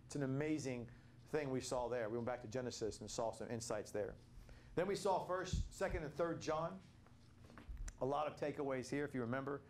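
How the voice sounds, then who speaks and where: A man's voice: mid-range voice, fairly quick, a little mellow, a little hiss or hum. Older man rambling through a Bible study. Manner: rambling storytelling with many restarts. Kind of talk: casual Bible study reflection.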